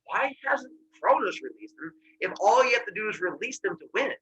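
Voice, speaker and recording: A man voicing a brash, eager young male god, talking loud and excitable on a video call. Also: sits high, moderate pace, husky, highs cut off, pitched above the performer's own voice, full character voice. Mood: curious. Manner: loud, excitable, often shouting.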